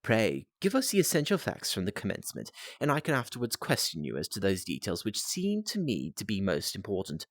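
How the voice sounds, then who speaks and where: A man's voice: on the low side, wildly swooping pitch, a little fast, hardly any pauses, dry recording. A man reading aloud plays an aloof, precise detective who speaks in a clipped, self-assured way. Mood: cool.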